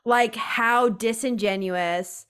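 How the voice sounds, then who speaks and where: A woman's voice: on the high side, takes it slowly, a bit bright, clear, resonant tone. A woman guesting on a podcast, talking bluntly and sarcastically with plenty of swearing. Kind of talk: casual podcast chat.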